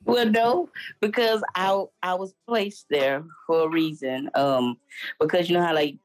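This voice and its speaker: A woman's voice: fairly low pitch, a little slow, no room sound, rough recording. A woman guest telling her faith testimony in a casual, earnest way, acting out the voices of people in her story.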